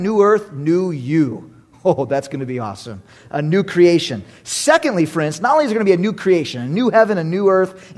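A man in his thirties preaching a sermon, animated and humorous, jumping from loud exclamations to hushed asides. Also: high voice. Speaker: pastor.

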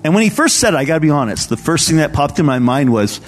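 Earnest conversational pastor preaching. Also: male voice, fairly high pitch, very animated, fast talker, few pauses, long reverb tail. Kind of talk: sermon. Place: church service.

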